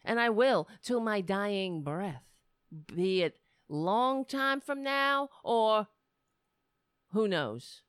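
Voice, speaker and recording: A woman commentator ranting with scorn and biting sarcasm. Her pitch rises and falls widely as she presses each point, and she takes her time. The sound is close and dry. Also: expressive, very slow, clean tone, no echo. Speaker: political commentator. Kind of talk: angry commentary rant.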